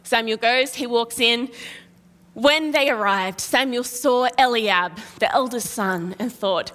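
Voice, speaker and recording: A woman preaching a sermon, telling a Bible story in a lively way and acting out the quotes. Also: a little high, slow. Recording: long reverb of a large hall.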